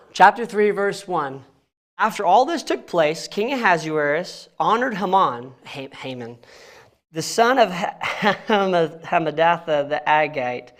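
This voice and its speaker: A young man leads a relaxed Bible study in church, reading passages aloud and chuckling at himself whenever he stumbles over names, which is often. He sounds a little high and a bit bright.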